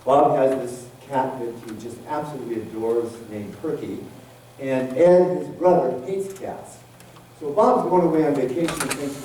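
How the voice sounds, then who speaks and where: A man in his sixties preaches in a large hall and tells a joke with lively voices for each character. His voice comes from a distant mic and sounds at a middling pitch. The long echo of the room rings behind it along with a faint hiss. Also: normal speed. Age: 60s. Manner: animated storytelling, voices the characters. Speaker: guest minister. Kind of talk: sermon with a told joke. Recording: very echoey hall, mic far off, faint noise.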